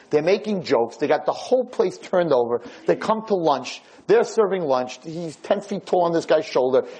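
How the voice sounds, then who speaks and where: A man giving a lecture on camera, telling a story in a dramatic, repetitive, animated way. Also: high-pitched, slightly rough, rough recording. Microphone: filmed on camera.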